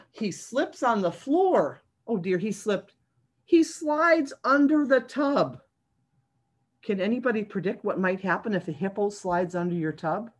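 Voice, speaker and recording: Lively, slow-paced woman reading to children. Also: medium pitch. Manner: sing-song and animated, asks children questions. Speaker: children's librarian. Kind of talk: reading a picture book aloud to young children. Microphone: video call.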